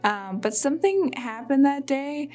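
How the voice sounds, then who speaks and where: A woman's voice: high voice, lively intonation, unhurried, darkish tone, faint music behind. A young woman from a film crew recalling the shoot in a chatty way, full of fillers. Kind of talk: behind-the-scenes recollection.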